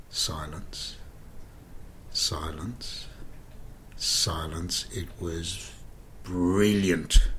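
Low-voiced actor spinning stories. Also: male voice. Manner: animated, dramatic pauses, repeats words for effect. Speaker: stage actor. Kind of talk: anecdotal interview storytelling. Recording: faint background noise.

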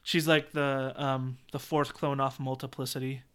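A man's voice: medium pitch, normal speed, clean tone. A man co-hosting a podcast, chatting casually and jokily, acting out movie lines. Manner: animated, jokey, acts out movie lines. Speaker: podcast co-host. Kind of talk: casual chat.

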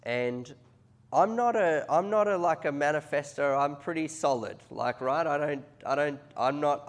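Man preaching an animated sermon. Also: mid-range voice, gravelly. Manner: conversational, builds to loud excited peaks. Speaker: pastor.

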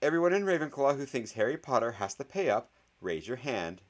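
Smug, teasing young schoolgirl, lifted bright tone, a man doing the voice. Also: fairly quick. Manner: high, excited, teasing. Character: gleeful bossy young schoolgirl, smug and triumphant.

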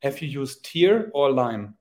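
A man's voice: mid-range voice, very animated, a little mellow. German man searching for English words. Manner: halting, searches for English words, many restarts. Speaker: guest athlete. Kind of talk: casual chat.

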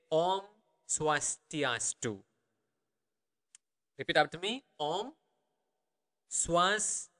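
A Balinese-accented man leads a beginner language lesson, his voice bright and somewhat high for a man. He says each phrase slowly, then repeats it at normal speed, checking in with the learner as he goes. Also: clear, resonant tone, big-room sound. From Karangasem, Bali. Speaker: language teacher.

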